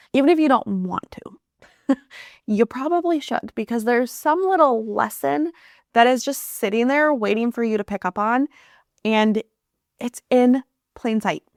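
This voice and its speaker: A woman in her thirties hosting a reflective solo podcast, speaking earnestly and warmly about her life with gentle laughs. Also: a little high, normal speed, no room sound, clean studio sound. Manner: earnest and heartfelt, with soft laughs. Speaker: podcast host.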